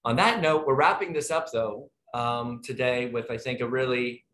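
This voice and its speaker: A man's voice: medium pitch, normal speed, fairly bright tone, slight background noise. A man moderating an online panel, chatty and friendly, rambling with lots of fillers over a video call. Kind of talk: casual webinar hosting.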